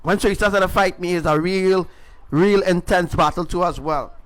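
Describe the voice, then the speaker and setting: A man's voice: high voice, normal speed. A man giving a livestreamed spiritual testimony, emphatic and repetitive, often adding "right?". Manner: repetitive, emphatic storytelling with tag questions. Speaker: self-styled spiritual preacher. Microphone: livestream mic.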